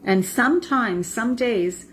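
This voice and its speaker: A woman's voice: on the high side, takes it slowly, fairly bright tone, a little hiss or hum. Middle-aged woman coaching earnestly. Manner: earnest, talks straight to the viewer with frequent "right?" and "okay?". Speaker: wellness coach. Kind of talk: instructional talk with demonstration.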